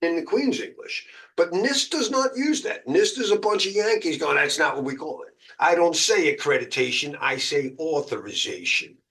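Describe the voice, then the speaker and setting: American instructor, man, higher voice, animated, rambles with uhs and ums. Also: normal speed, hardly any pauses. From United States. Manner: chatty, jokey, lots of uh and um. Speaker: cybersecurity exam instructor. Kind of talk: casual teaching chat.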